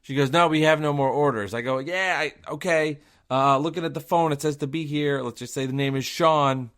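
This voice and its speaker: A man hosting his own podcast, telling a story in a casual, worked-up rant full of rhetorical questions, swinging between loud outbursts and quiet asides. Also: on the high side, steady tone, normal speed. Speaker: podcast host and delivery driver.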